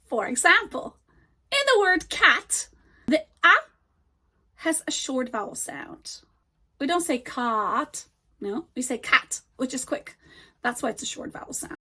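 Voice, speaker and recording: A woman teaching an English grammar lesson, slowly and deliberately modeling example words. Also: high voice, big pitch swings, sharp tone.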